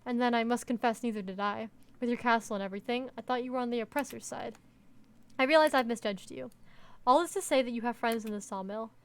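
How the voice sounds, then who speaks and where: A woman's voice: fairly high pitch, fast talker, smooth, close to an everyday voice. A woman voicing a fiery, earnest middle-aged male union worker in a game. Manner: earnest, rallying speech.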